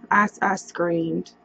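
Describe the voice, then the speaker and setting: A woman telling a painful personal story on a casual storytime vlog, halting often with pauses and fillers as she speaks into a computer mic. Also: lowish voice, gravelly, pushed and bright, husky, low-quality recording. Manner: halting, emotional retelling with many pauses and fillers.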